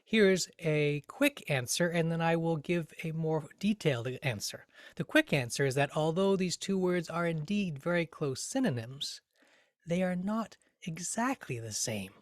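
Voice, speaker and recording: A man teaching a grammar lesson, speaking carefully and deliberately, sounding out words to show their rhythm. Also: on the high side, expressive, dry recording, studio quality. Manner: slow, careful, deliberate delivery with spoken rhythm examples.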